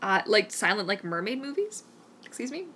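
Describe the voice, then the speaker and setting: A woman's voice: medium pitch, very animated, normal speed, bright, forceful tone, a little hiss or hum. A Canadian woman hosting a live-stream Q&A, chatting in a rambling, enthusiastic way. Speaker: mermaid vlogger hosting a live Q&A. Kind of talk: casual live-stream chat.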